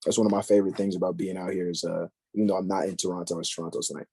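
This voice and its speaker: Husky young man with a dark voice. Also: low-pitched, rapid-fire, no room sound. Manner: slangy, filler-heavy, animated storytelling. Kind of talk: casual podcast chat.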